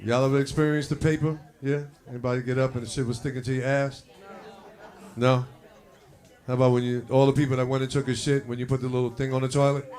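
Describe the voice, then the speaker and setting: A man's voice: medium pitch, level tone, fast talker, darkish tone. A man hosting a live comedy show on a club stage, chatty and hyping the crowd.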